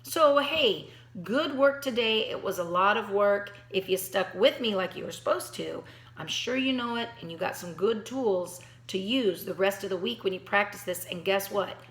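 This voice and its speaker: A woman's voice: medium pitch, lively intonation, normal speed, fairly bright tone. A woman giving a piano lesson, talking straight to her student in an encouraging way, thinking aloud and counting beats. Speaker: piano teacher. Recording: roomy echo.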